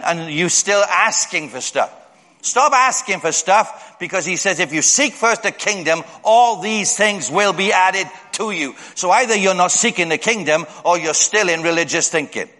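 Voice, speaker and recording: A man preaching a sermon in a church hall, telling stories and jumping up high to act out other people's voices. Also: sharp tone. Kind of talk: storytelling sermon. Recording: long hall reverb.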